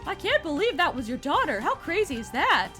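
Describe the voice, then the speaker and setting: A woman voicing an eager, excitable young male police officer in game dialogue. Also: high voice, a little fast, soft background music, pitched above the performer's own voice, full character voice. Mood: upbeat. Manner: upbeat, excitable, chipper. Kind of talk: game dialogue read aloud.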